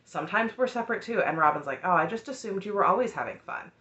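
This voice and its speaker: A woman's voice: lowish voice, expressive, fast talker, hardly any pauses, fairly bright tone, roomy sound. A woman giving an opinionated, sarcastic recap of a reality show in a chatty, heated way. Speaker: recap host.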